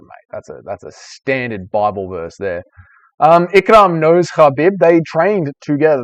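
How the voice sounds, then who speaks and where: A man's voice: on the high side, dry recording. A young Australian man hosting a casual live stream, reading viewer comments and bantering with joking, profane humor.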